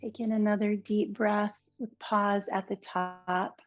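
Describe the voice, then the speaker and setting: A woman yoga teacher giving slow, soothing, gentle cues through relaxation and breathing. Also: mid-range voice, little pitch movement. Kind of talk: guided yoga and relaxation instruction. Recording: slightly muffled recording with soft instrumental music.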